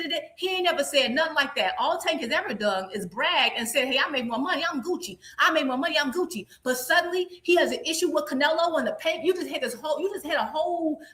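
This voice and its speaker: A woman's voice: high-pitched, fairly bright tone. A woman co-hosting a stream, arguing insistently and repeating her points in a heated casual debate. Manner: combative, insistent, repeats accusations. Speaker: co-host of a boxing talk stream.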